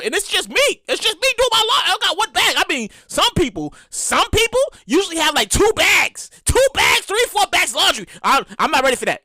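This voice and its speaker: Lively high-voiced New York woman. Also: dry recording. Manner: animated, profane, exaggerated reenactments. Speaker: podcast host. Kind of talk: casual storytelling monologue.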